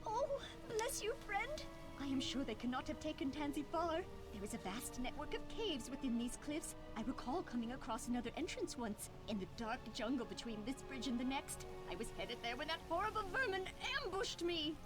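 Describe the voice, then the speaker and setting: A woman's voice: high voice, big pitch swings, fairly quick. A woman voicing a wounded female dryad in a fantasy game, pleading in formal, old-fashioned speech. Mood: anxious. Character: wounded female dryad searching for her lost niece. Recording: game audio under background music.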